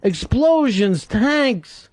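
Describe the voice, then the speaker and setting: High-voiced, profane radio host. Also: male voice, animated, drawn-out words, darkish tone, no echo. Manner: profane, laughs through his own story. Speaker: radio talk show host. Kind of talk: animated storytelling on talk radio. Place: radio studio. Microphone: studio microphone.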